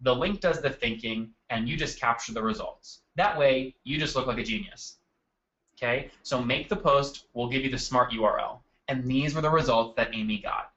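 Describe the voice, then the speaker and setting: A man's voice: medium pitch, moderate pace, a bit bright, dull audio. A man hosting a live marketing webinar, talking energetically and calling out attendees by name from his desk. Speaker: webinar host. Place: home desk.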